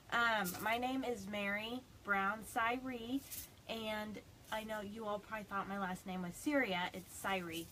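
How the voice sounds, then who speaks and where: A woman's voice: medium pitch, fairly bright tone, slight background noise, poor audio. A woman chatting casually on a phone live stream from her home, rambling and fighting back tears. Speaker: direct sales consultant. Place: home on a small farm.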